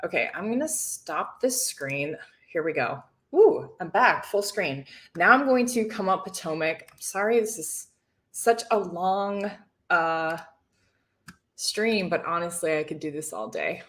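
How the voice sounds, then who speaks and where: A woman's voice: fairly low pitch, expressive, measured pace, fairly bright tone. A woman hosting a casual livestream, chatting, laughing and reading viewer comments aloud. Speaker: livestream host reacting to a reality show.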